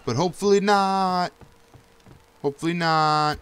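A young man casually narrating his own gameplay, swearing often and breaking into high yelps when danger shows up. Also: measured pace, fairly bright tone. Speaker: gameplay commentator. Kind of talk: casual let's-play commentary.

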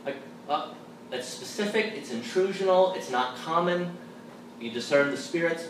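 A man, a Catholic theologian, telling stories to a college audience in an animated, humorous way and acting out the people he quotes. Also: fairly high pitch, moderate pace, distant mic. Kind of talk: storytelling talk to a college audience. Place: large hall at a college. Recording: echoey room miked from afar with background noise.

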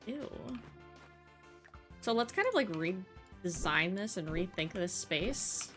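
Bubbly young woman gaming over soft music. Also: on the low side, slow pace. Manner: bubbly, excitable, gasps and gushes often. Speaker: gaming channel host. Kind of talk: casual let's-play commentary. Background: faint game music.

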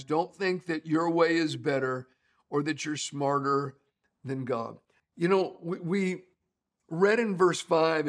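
A middle-aged man preaching a sermon, earnest and conversational, telling stories to make his point. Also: on the high side. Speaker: pastor.

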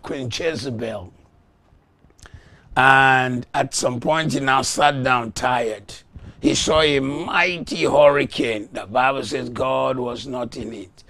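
A man preaching a sermon, slow and emphatic, rising to loud shouts when he acts out voices in a story. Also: mid-range voice. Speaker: pastor.

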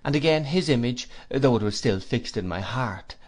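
A man giving a measured, expressive first-person audiobook narration. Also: medium pitch.

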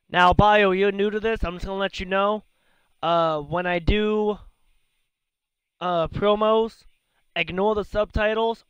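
Excitable high-voiced man commentating a game. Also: smooth, dry recording. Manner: excitable, profane, chatty. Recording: noisy home recording.

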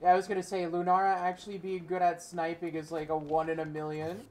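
Cursing young woman gamer, low voice. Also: flat delivery, quick pace, a little mellow. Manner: profane, frustrated ranting to herself. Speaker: gaming streamer. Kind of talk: casual gameplay commentary.

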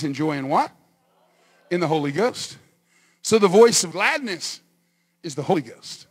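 A male pastor preaching a sermon, swinging from quiet asides to shouted exhortation and calling on the congregation to answer. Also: on the high side, breathy edge. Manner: calls on the congregation for responses.

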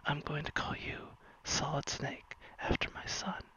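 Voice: mid-range voice, completely flat delivery, unhurried, pushed and bright, breathy edge, lo-fi sound, full character voice. A streamer whispering the repetitive lines of an old male zoo owner, as whispered role-play. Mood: musing.

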